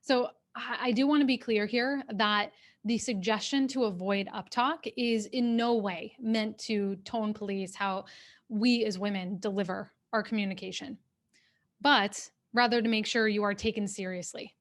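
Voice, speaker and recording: Woman coach giving clear, steady advice. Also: mid-range voice, moderate pace. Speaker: executive coach. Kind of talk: workshop talk. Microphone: webcam on a video call.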